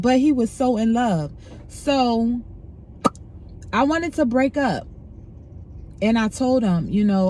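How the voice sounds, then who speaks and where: A woman's voice: fairly high pitch, expressive, unhurried, darkish tone, a little hiss or hum. A middle-aged woman candidly sharing a painful personal story, frank and emotional, speaking casually with profanity.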